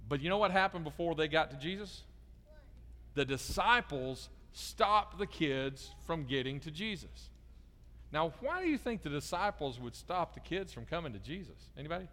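A middle-aged pastor gives a children's sermon, coaxing the kids with lively questions. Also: male voice, on the high side, normal speed. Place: church sanctuary. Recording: long reverb of a large church hall.

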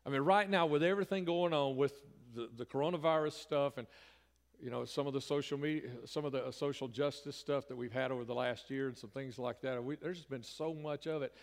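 A middle-aged pastor delivers a folksy, conversational sermon. His voice sits at an ordinary pitch for a man and climbs into emphatic bursts. The sound carries a long reverb from the church hall. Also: fairly even intonation, a little fast. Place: church sanctuary.

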